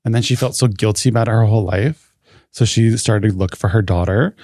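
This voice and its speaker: A man in his thirties co-hosting a podcast, relaxed, recapping a story with many ums and likes. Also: lowish voice, brisk, dry recording, clean studio sound. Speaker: co-host. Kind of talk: casual podcast chat.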